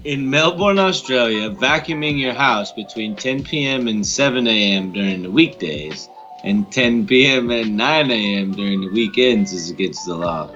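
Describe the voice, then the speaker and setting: A man's voice: medium pitch, animated, moderate pace, a bit bright, muffled recording, soft background music. A man co-hosting a casual podcast, reading out odd laws and tossing in dry quips. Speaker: podcast co-host. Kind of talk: casual chat.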